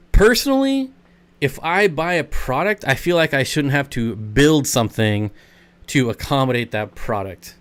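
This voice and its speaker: A man's voice: a little high, clear, resonant tone. A man hosting a casual live stream Q&A, rambling as he reads and answers chat comments. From United States.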